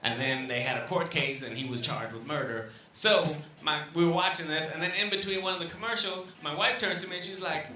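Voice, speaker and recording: A male stand-up comedian, animated and profane, with a fairly high voice that swings from shouts down to mutters. His set rings around a roomy club with a hum of ambience behind it. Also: brisk, hardly any pauses. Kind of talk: stand-up routine. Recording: echoey club room with ambience.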